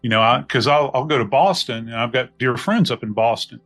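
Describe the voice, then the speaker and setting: A middle-aged man from New Orleans with a Southern US accent, a podcast guest telling reflective stories in an unhurried, folksy way. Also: mid-range voice, fairly bright tone, faint music behind. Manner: unhurried, folksy, many "you know" asides. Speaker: podcast guest, death investigator. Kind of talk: reflective storytelling conversation.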